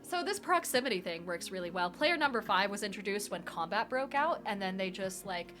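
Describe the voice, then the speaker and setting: A woman hosting a live question-and-answer stream, talking very fast in casual, rambling chat with lots of fillers. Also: mid-range voice, expressive, a bit bright, faint music behind. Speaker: livestream host answering tabletop game questions.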